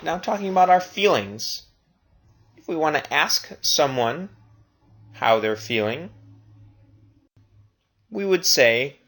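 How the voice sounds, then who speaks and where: A man teaching a recorded language lesson, speaking slowly and deliberately and repeating each phrase twice. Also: fairly high pitch, a bit bright. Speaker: Spanish teacher.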